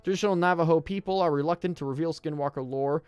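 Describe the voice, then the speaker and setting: A young man hosts a casual live-stream podcast, reading text aloud, tripping over hard words and wandering off into joking asides. His voice sits a little high. He is recorded dry and close, with faint music playing underneath. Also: quick pace, a little mellow, smooth, no echo. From United States. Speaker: podcast host.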